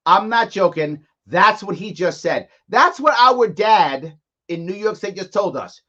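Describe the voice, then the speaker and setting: A man's voice: sits high, lively intonation, a little slow, bright, forceful tone, muffled recording. A man hosting a live commentary show, mocking and sarcastic as he reacts to a press conference. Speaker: host.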